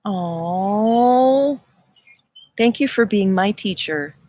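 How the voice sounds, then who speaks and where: A woman's voice: mid-range voice, animated, drawn-out words, darkish tone, no echo. A woman hosting a live stream, talking in a casual spiritual monologue, earnest and effusive, often restarting and repeating her words. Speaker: spiritual reader hosting a livestream.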